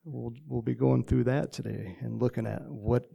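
A man's voice: mid-range voice, steady tone, moderate pace, vocal fry, mellow, breathy edge, lo-fi sound. A man preaching a casual sermon, telling stories and praying in a folksy, chatty way.

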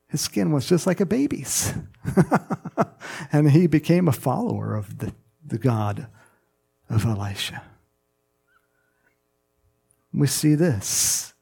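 A man preaching a sermon in a slow, conversational way, laughing and putting on playful mock voices. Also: medium pitch, creaky, darkish tone, husky.

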